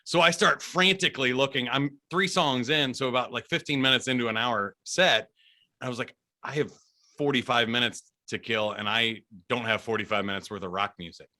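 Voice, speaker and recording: A man being interviewed as a guest, a DJ telling stories in an animated, chatty way with frequent laughs. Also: medium pitch, moderate pace. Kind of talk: casual storytelling interview.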